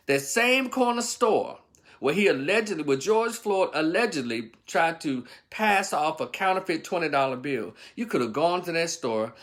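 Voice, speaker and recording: Blunt, scolding male vlogger with a high voice. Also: fairly bright tone. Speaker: opinion vlogger. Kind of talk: ranting commentary.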